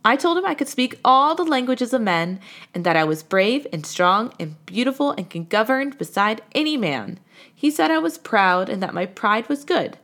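A woman voicing a proud young woman in a storybook who speaks in a measured, self-assured way. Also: on the high side, fairly bright tone, exaggerated voice.

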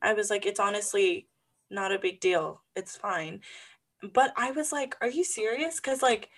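A woman's voice: mid-range voice, unhurried. Woman animatedly retelling a work story. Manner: animated retelling that acts out quoted people, many "like" fillers. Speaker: podcast co-host. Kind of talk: casual chat, storytelling.

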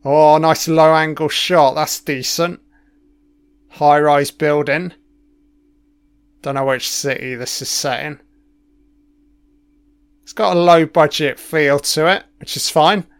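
A man talks his way through a film in a slow, drawn-out manner, swearing freely as he drops wry asides. His voice sits somewhat high for a man and comes through smooth and clean. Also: fairly even intonation. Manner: swears constantly, wry offhand remarks. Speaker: film commentator. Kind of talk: casual running film commentary.

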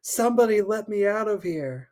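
A man voicing a panicked schoolboy trapped in a locker, yelling shrilly in fear. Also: sits high, quick pace, pitched above the performer's own voice, lightly acted.

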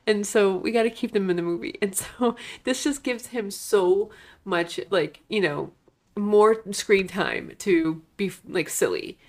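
A woman's voice: mid-range voice, a little slow. A woman co-hosting a podcast, making incredulous, joking comments about a movie. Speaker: podcast co-host. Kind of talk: casual movie review chat.

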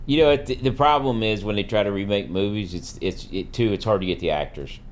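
A man's voice: lowish voice, fairly quick, a little hiss or hum. Middle-aged man, casual chat. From Kentucky. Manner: relaxed storytelling, emphatic opinions. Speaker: guest father.

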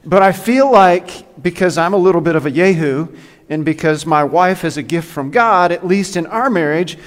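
A man preaching a sermon to a church, joking and animated, now and then slipping into impressions. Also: sits high, normal speed, in a large hall. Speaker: pastor. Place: church sanctuary.

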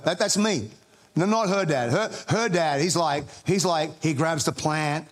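Pastor, male, high-pitched, joking asides, rising emphasis on scripture. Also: animated, a little fast. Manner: humorous storytelling with frequent restarts; builds emphasis when quoting scripture. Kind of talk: sermon.

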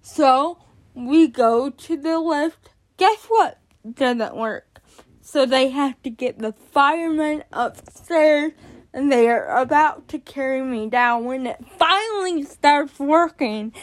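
A woman's voice: high-pitched, slow. A woman hosting a podcast, telling a personal story in casual talk, exasperated and swearing now and then. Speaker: podcast host.

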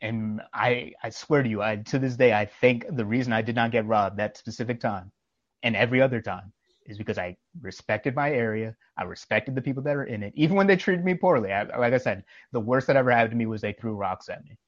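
A man's voice: medium pitch, fairly quick, no room sound, lo-fi sound. Emphatic man telling street stories. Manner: emphatic, preachy, tells anecdotes with quoted dialogue. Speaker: podcast co-host. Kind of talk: casual podcast storytelling.

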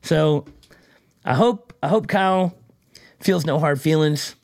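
A man who judges a tattoo competition, telling a story in casual chat, blunt and profane, with animated, mocking asides. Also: a little high, slow, gravelly, dry recording.

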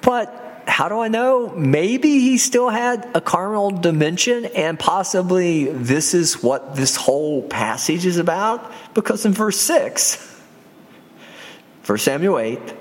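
A man teaching on scripture in a podcast sermon, reading slowly and deliberately with frequent chuckles. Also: sits high, lively intonation, long reverb tail.

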